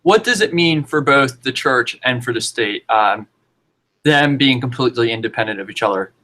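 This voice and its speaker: Polite man asking questions, bright tone. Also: mid-range voice, animated. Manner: polite, slightly halting. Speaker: interviewer. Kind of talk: interview questions.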